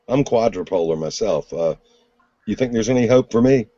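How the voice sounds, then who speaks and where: Lively joking man, dry lo-fi sound. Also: lowish voice, normal speed, dry recording. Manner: joking, self-mocking. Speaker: guest on a livestream. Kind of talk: casual livestream chat. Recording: dry lo-fi stream audio.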